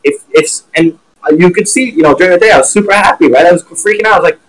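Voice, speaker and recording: A man teaching trading on a live stream with blunt, profane, animated talk while sharing his screen. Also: high-pitched, fast, rough recording.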